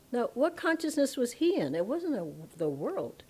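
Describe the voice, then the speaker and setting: A woman spiritual teacher telling stories at a satsang, emphatic and animated, often breaking into laughter. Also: on the high side, normal speed, few pauses, slightly rough. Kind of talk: storytelling satsang talk. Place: ashram satsang hall.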